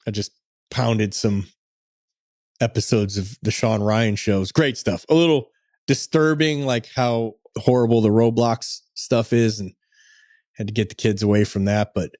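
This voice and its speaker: A man's voice: fairly low pitch, steady tone, a little slow, darkish tone, dry recording, clean studio sound. A man co-hosting a podcast, talking in an upbeat, chatty, joking way, slipping into casual ad reads. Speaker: podcast co-host. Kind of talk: casual podcast chat and ad read.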